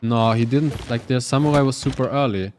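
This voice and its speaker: A man's voice: medium pitch, a little fast, a little mellow, slight background noise. A man casting a live strategy game match, giving loose, thinking-aloud play-by-play. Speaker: esports caster.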